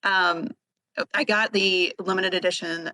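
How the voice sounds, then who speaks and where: A woman's voice: lowish voice, fairly even intonation, measured pace, gravelly, bright, forceful tone, slight background noise. A woman with a Southern accent hosting a crafting tutorial, talking through her steps in a chatty, enthusiastic way with lots of little fillers. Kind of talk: casual crafting voice-over.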